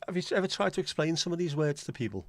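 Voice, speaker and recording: A man's voice: fairly high pitch, expressive, very fast, no room sound. Chatty Liverpool-accented man on a dry mic. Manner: chatty, jokey, greets viewers by name, swears casually. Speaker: livestream host. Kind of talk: casual livestream chat.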